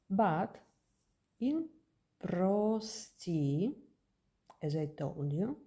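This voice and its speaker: A woman with a Russian accent, a native Russian speaker, gives a slow, patient beginner language lesson and repeats words for practice. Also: low voice, warm tone. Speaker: language teacher.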